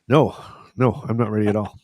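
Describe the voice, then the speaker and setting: Podcast co-host, man, lower voice, talkative, loose and rambling delivery. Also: steady tone, fairly quick, darkish tone, no room sound. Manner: rambling, with frequent restarts and fillers. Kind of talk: casual podcast chat.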